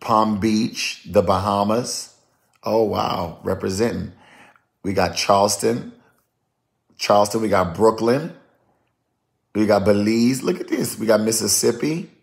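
A man talks casually on a live stream as a prophetic minister. His voice sits a little low and has a gravelly edge. He keeps it chatty and lively, greeting viewers one after another. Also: measured pace, long pauses. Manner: chatty and lively, calling out names and places.

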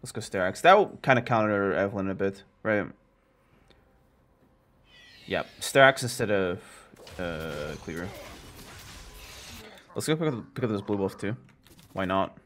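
A man's voice: lowish voice, lively intonation, a little slow, pauses often, fairly bright tone, a little hiss or hum. A young man giving live commentary on his own gameplay, playful and jokey, talking to his chat. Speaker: gamer streaming his gameplay.

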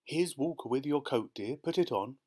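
A man's voice: medium pitch, expressive, moderate pace, warm tone, pitched above the performer's own voice, lightly acted. A man reading aloud, voicing a cold, teasing old husband who talks in a curt, dismissive way. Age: older.

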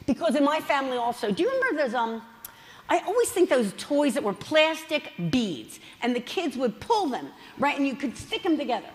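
A middle-aged woman telling funny family stories as an author on a festival stage, chatty and animated. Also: sits high, brisk, in a large hall. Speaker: author speaking at a book festival. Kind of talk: humorous storytelling talk. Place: large festival hall.

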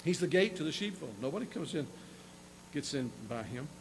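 A man's voice: fairly high pitch, expressive, fairly quick, gravelly, slight background noise, rough recording. A male pastor preaching a sermon, reading scripture passages and then explaining them in plain asides, often repeating words and restarting phrases. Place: church sanctuary.

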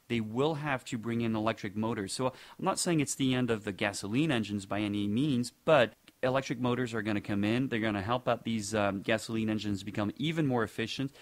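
Podcast co-host, man, native French speaker with a light French accent. Rambling and animated. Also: medium pitch. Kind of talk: casual chat.

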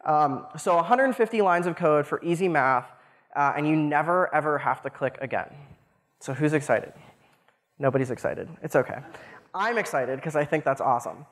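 Young male conference speaker, slightly high voice, casual and jokey, lots of fillers, hall reverb. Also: moderate pace, a bit bright. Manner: casual, joking, many "uh" fillers. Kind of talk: technical conference talk.

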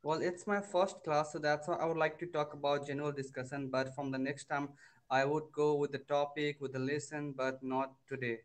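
Male English learner from India on a video call, fairly high voice, careful and formal. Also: flat delivery, a little fast. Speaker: English student. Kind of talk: casual conversation practice.

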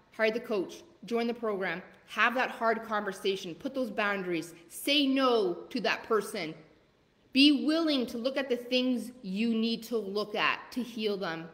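Fervent woman coach, echoing hall. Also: mid-range voice. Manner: fervent, exhorting with rapid-fire repeated commands. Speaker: leadership coach. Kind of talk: live motivational masterclass talk.

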